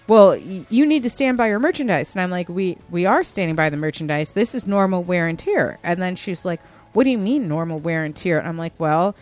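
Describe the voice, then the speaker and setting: A woman in her thirties, a former store manager, telling a workplace story in casual chat and acting out the customer. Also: fairly quick. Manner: animated retelling, acts out the customer in a higher voice.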